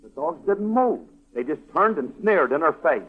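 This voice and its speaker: A man's voice: on the high side, animated, normal speed, faint music behind. An actor playing a boastful, ungrammatical bandleader husband and father in a 1940s radio sitcom. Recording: tinny old radio broadcast.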